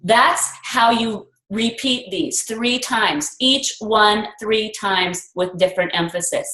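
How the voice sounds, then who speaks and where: A woman's voice: medium pitch, takes it slowly, pushed and bright, reverberant, poor audio. A woman leading a network marketing group on a video call, talking earnestly in a rambling, motivational way and repeating affirmations with emphasis.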